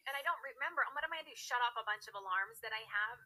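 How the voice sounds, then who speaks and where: A woman's voice: a little high, animated, very fast, bright, forceful tone, low-quality recording. A woman guest, herself a radio host, chatting in a casual interview, rambling and laughing as she explains things.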